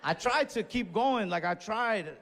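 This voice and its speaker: A slightly high-voiced man telling a stand-up story, loose and profane, now and then shouting a line. His voice rings out with the long reverb of a big live room, and faint ambience sits behind him. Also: unhurried, slight background noise. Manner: animated, with sudden shouted bursts; casual and profane. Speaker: stand-up comedian. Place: stage of a large venue, recorded live.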